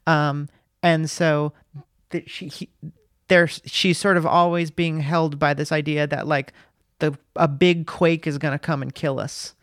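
A man's voice: on the high side, level tone, unhurried, no room sound, studio quality. A man co-hosting a podcast, rambling casually about a movie with lots of fillers and easy laughter. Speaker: podcast co-host.

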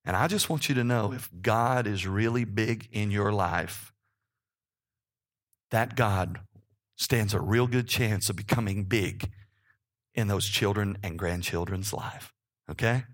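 A man's voice: on the low side, slow, pauses often. A man in his fifties, a pastor preaching a sermon in church, talking conversationally and often checking in with his listeners. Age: 50s.

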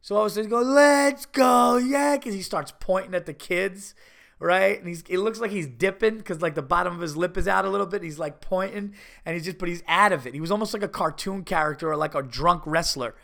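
A middle-aged man tells a long, meandering story on his podcast. His voice sits a little high, with a gravelly fry underneath. He keeps doubling back and restarting his sentences as he goes. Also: a little fast. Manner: rambling, animated, with many restarts and mock voices. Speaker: podcast host. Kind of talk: casual storytelling.

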